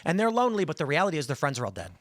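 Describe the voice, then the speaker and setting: A man hosting a podcast, telling stories in an animated way and acting out the voices in them. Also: on the high side, very fast, dry recording. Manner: animated storyteller, acts out quoted voices. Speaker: podcast host. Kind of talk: casual talk-show chat.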